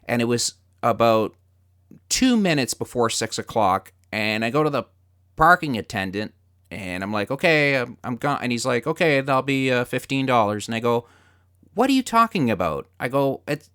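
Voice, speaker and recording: A man hosting a podcast, telling stories in casual chat, swearing freely and getting loud as he relives his anger. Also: medium pitch, moderate pace, clean tone, no room sound, clean studio sound. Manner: animated storyteller, swears freely, gets loud retelling anger. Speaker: podcast host.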